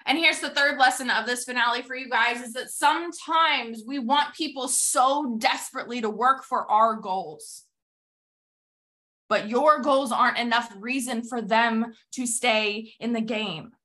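A young adult woman hosts a motivational podcast and sounds bright and forceful. Her voice sits a little high. She tells a story with animated energy and acts out quotes before turning to lessons for her listeners. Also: unhurried. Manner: animated retelling with acted-out quotes. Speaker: podcast host and sales coach.

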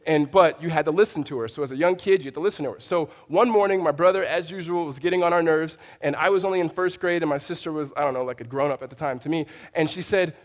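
In a large hall, a pastor delivers a sermon at a quick pace with few pauses, his voice fairly high. He talks conversationally, frequently restarting sentences and breaking off to tell stories.

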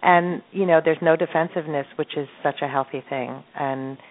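Woman host, warm affirming comments, phone-line sound. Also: low voice, fairly even intonation, normal speed. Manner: warmly affirming. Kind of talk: supportive interview talk.

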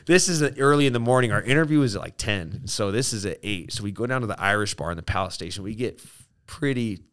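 Lowish-voiced man telling a rowdy story. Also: quick pace, clean tone. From Spokane, Washington. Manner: animated, profane, lots of "like", acts out quotes. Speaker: guest. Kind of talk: casual storytelling chat.

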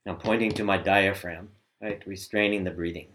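A man patiently teaching Sanskrit pronunciation step by step, pausing and restarting as he demonstrates sounds. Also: low-pitched, steady tone, a bit bright, a little hiss or hum.

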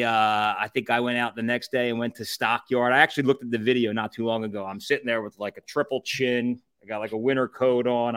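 A man chats loosely as a podcast guest, his voice sitting at an ordinary middle pitch. He rambles through stories with plenty of fillers, restarts and laughter. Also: a bit bright. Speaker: podcast guest, co-founder of a food review group. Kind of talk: casual storytelling chat.

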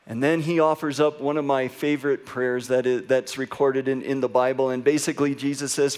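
A man preaching a sermon as pastor, reading scripture with wry asides and building to an excited, rising delivery. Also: medium pitch, moderate pace, few pauses. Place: church sanctuary.

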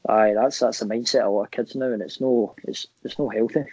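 A man's voice: mid-range voice, fast talker, slightly rough, no room sound. A young Scottish man, a footballer, telling stories in a casual interview, swearing freely and acting out what people said. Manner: animated, swears freely, acts out quoted dialogue. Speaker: footballer guest. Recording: dull lo-fi dry sound.

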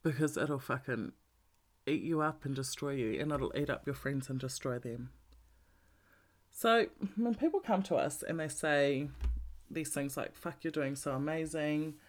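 A man's voice: medium pitch, animated, unhurried. A man giving a blunt, profane, candid talk about emotional healing, repeating his points for emphasis.

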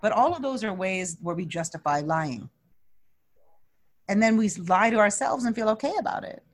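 A woman speaking as a wellness guest in a conversational interview, earnest and energetic, with frequent restarts and fillers. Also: medium pitch, moderate pace.

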